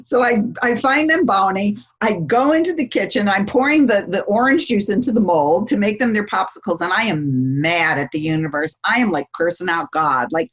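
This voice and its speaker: Middle-aged woman guest, husky voice, animated storyteller who laughs a lot and slips into voices for quotes. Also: medium pitch, normal speed, hardly any pauses. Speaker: guest, success coach.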